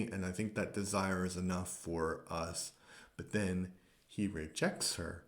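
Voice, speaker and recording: Slow, low-voiced man reviewing a film. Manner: rambling, thinking aloud with many fillers. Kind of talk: casual spoken film review.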